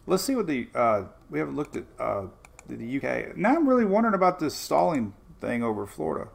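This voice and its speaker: With a mid-range voice that swings widely in pitch, this older weather show host talks a little fast. His gravelly, creaky delivery wanders through the forecast in a loose, rambling way, with homey side comments tucked in between.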